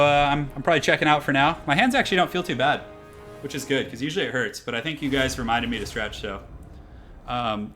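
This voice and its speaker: A young man giving loose, slangy live-stream commentary over a strategy battle, his voice bright and forceful, a little tired and out of breath. Faint game music plays under him. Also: mid-range voice. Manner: excitable, chatty, slangy.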